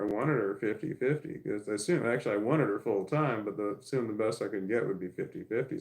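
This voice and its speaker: A man's voice: lowish voice, creaky, darkish tone, low-quality recording. A middle-aged man telling a long personal story in a casual, rambling way, full of restarts and swearing. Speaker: vlogger.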